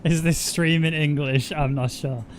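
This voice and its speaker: A man doing casual, joking commentary on an online sim race, getting loud and excited at crashes. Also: a little high, unhurried, a little hiss or hum. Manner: joking, banter-heavy, excitable on incidents.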